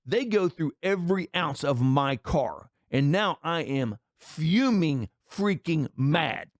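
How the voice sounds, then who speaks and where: Angry ranting man, voice swinging high. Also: dry recording, clean studio sound. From United States. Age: adult. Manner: angry, profane, rambling storyteller. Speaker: political commentary vlogger. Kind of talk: ranting commentary.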